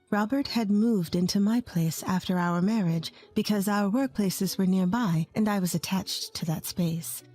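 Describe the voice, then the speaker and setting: A woman's voice: mid-range voice, animated, normal speed, dark tone, husky, faint music behind. A woman in her twenties from rural Texas, narrating her own story in an earnest, confiding way. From rural Texas, USA. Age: 20s. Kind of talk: first-person story narration.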